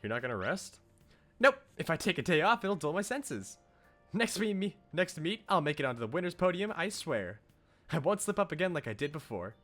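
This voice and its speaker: A man voicing an eager, earnest young female athlete who talks in a bright, determined way while reading game dialogue. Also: a little high, sing-song, fairly quick, soft background music, pitched above the performer's own voice.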